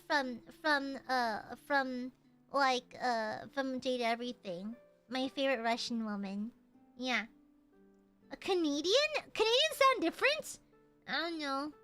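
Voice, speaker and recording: A young woman chats with her stream audience in a playful, unhurried way. She has a light Southern American twang and a high, bright voice. Faint music plays softly behind her. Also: big pitch swings. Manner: playful, reads chat aloud, slips into joke voices. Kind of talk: casual live-stream chat while trying out voices.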